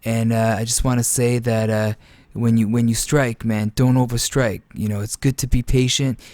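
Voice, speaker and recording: Man doing easygoing young gamer impression, drawling, halting, middling pitch. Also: level tone, a little mellow, dry recording, lightly acted. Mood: laid-back. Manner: drawling, halting, full of filler words. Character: laid-back young male gamer, an impression of a top player.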